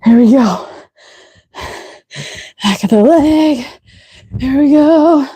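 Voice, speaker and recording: A woman's voice: high voice, slow pace, warm tone. A woman fitness instructor coaching a live leg workout, out of breath, counting reps aloud and giving short cues.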